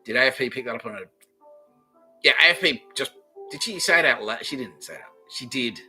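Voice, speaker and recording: Bright-voiced profane man ranting. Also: medium pitch, expressive, brisk, soft background music, rough recording. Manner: profane, rambling, swinging between loud outbursts and mutters. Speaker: podcast host. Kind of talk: rambling comedic monologue.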